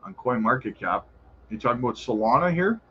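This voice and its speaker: A man's voice: medium pitch, lively intonation, fairly quick, sharp tone, breathy edge, muffled recording. A man hosting a casual crypto livestream, answering viewer questions in a laid-back, chummy way and calling viewers brother. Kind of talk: casual live chat reading viewer questions.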